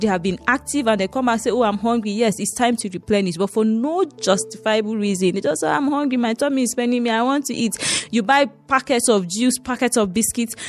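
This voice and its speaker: A middle-aged woman with a Nigerian accent, a dietitian giving an impassioned talk, emphatic and preachy with repeated rhetorical questions. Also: fairly high pitch. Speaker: dietitian and show host.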